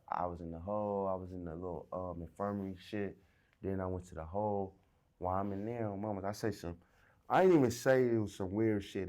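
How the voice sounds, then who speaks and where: A man from South Central Los tells a story in a fairly low voice. He talks with swagger and heavy profanity, and he acts out both sides of each argument. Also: a little mellow. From South Central Los Angeles. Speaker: interviewee. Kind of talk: recounting a street story.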